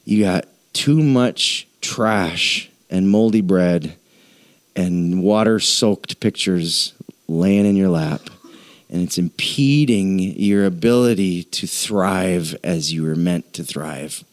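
A male pastor delivers a sermon in an animated, conversational style, telling stories and voicing other people in a high pitch. To drive his points home, he slows down and drops his voice low.

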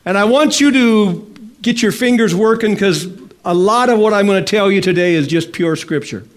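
A pastor delivers his sermon from the pulpit in a high, light voice. He leans into each phrase, slowing right down to stress the words that matter and throwing questions out to the congregation. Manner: slow emphatic preaching with drawn-out phrases and calls to the congregation.

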